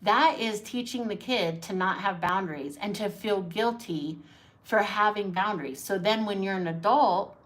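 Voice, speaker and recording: A woman's voice: medium pitch, normal speed, fairly bright tone. A woman who teaches acting, talking casually to camera in a chatty, emphatic way, often checking in with "right?".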